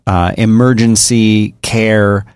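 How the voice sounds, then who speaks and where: A man talking on a tech podcast in a somewhat low voice. He speaks earnestly and rambles, restarting his sentences, recorded close and dry. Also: steady tone, takes it slowly, darkish tone, clean tone, no room sound. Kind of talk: casual tech podcast chat.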